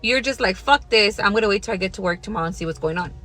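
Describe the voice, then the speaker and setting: A woman's voice: mid-range voice, racing, fairly bright tone, soft background music. Blunt, profane young woman telling a storytime. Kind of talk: casual storytime.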